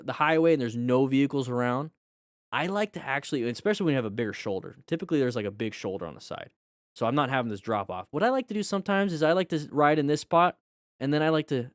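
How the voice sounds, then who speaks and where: A man's voice: on the high side, no echo, studio quality. A man hosting a casual livestream, commenting on riding videos as a motorcycle instructor, joking and teaching in a loose conversational way with lots of fillers.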